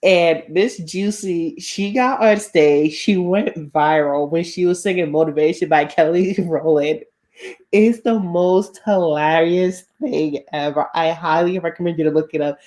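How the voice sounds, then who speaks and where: Playful low-voiced woman co-host. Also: a little slow, a little mellow. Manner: playful, self-conscious, laughs often. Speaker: podcast co-host. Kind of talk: casual chat.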